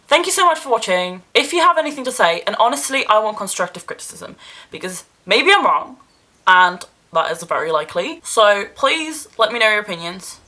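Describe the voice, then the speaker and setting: A woman's voice: mid-range voice, pushed and bright. A young woman vlogging in a candid, rambling and self-deprecating way, emotional and close to tears. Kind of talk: casual vlog monologue.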